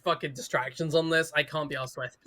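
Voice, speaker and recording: A woman from England with a slight Birmingham tinge, hosting a podcast in blunt, profane, excitable casual chat. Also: deep voice, brisk, crowd noise. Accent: Birmingham-tinged English. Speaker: podcast host.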